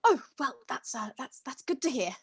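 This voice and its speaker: A severe-looking priest who stumbles over his words and apologizes, as a woman game master voices him. He speaks softly and haltingly. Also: sits high, lively intonation, husky, dry recording, pitched above the performer's own voice, full character voice. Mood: hesitant. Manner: hesitant, apologetic. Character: severe, anxious middle-aged male priest.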